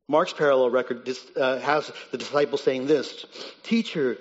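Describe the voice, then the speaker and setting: A man preaching a sermon, who swings between soft, low reflection and loud, high-pitched dramatic retellings. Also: measured pace. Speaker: pastor. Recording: dull sound with long reverb in a large hall.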